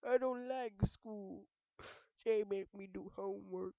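A man's voice: high-pitched, steady tone, measured pace, creaky, no room sound, pitched above the performer's own voice. A young British man voicing a whiny little boy who refuses to go to school, in a sing-song whine on a dull lo-fi mic. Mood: whining.

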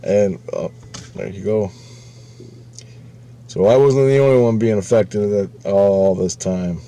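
A man's voice: lowish voice, fairly even intonation, slow pace, dark tone. A man casually telling a rambling story about a friend, repeating himself and swearing freely. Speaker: vlogger.

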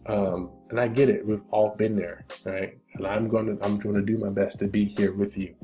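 A man's voice: fairly low pitch, flat delivery, moderate pace, mellow, soft background music. A man hosting a casual question-and-answer stream, talking bluntly with profanity and pep-talk encouragement. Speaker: crypto channel host. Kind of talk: casual Q&A livestream.

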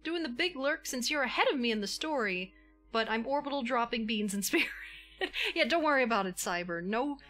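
A woman streaming a video game, excitable and exclamatory, swearing and laughing as she comments. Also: a little high, a little fast, soft background music. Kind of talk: casual gameplay commentary.

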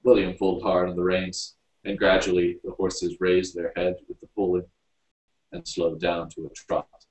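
A man reading a story aloud, narrating in an unhurried storybook manner. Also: sits low, completely flat delivery. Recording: roomy, distant mic.

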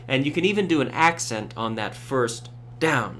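A man giving a casual ukulele tutorial, relaxed, with frequent fillers, counting beats aloud. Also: medium pitch, normal speed, few pauses, music in the background. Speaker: ukulele teacher. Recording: loud ukulele under voice. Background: ukulele strumming.

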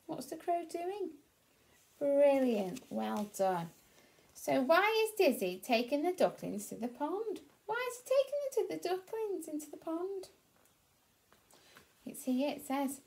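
A woman teaching a phonics reading lesson to young children, slow, clear and encouraging. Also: high-pitched, sing-song, darkish tone.

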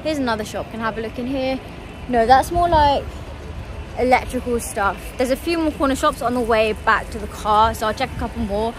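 A woman's voice: fairly high pitch, fairly quick, noisy background. A chatty young woman vlogging casually to her viewers, a bit out of breath from walking between shops. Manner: chatty and excitable, addressing viewers as guys. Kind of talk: casual vlog to camera.

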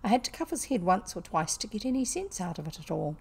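A woman voicing a hearty, cheerful male otter who tells his adventure in lively, boisterous fashion, in a storybook reading. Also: mid-range voice, fast talker, vocal fry, breathy edge, full character voice.

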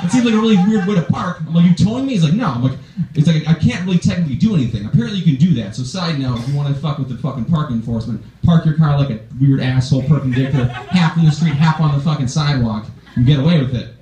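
A man's voice: fairly high pitch, fast, warm tone, echoey room, distant mic. A young man doing a stand-up set, telling rambling, profane stories with growing exasperation. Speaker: stand-up comedian. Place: comedy club stage.

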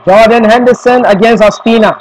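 A man's voice: very high-pitched, steady tone, brisk, poor audio. A man giving live reaction commentary on a football penalty shootout, calling each player's name in dramatic play-by-play style.

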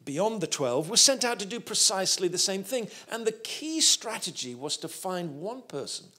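A man's voice: sits high, very animated, moderate pace, pushed and bright. A man, a guest preacher telling a humorous story in a sermon.

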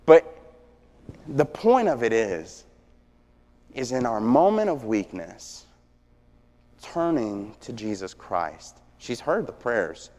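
A man preaching a sermon, telling stories with energy that swings from hushed to shouting. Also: medium pitch, big pitch swings, takes it slowly, pauses often. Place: church sanctuary. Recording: long church reverb.

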